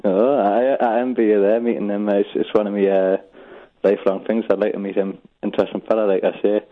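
A fast-talking Geordie man rings in over a tinny phone line, pushing on and talking over the host. His voice sits at a middling pitch and comes through in a thin, phone-like band. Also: level tone. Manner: chatty, pushy, talks over the host. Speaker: caller. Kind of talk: phone-in chat.

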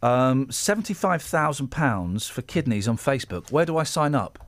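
Guy hosting radio, jokey and excitable, voice jumps around a lot, dry studio sound. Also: medium pitch, no room sound. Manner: joking, excitable, quick to exclaim. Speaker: radio host. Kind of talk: casual radio banter. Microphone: studio microphone.

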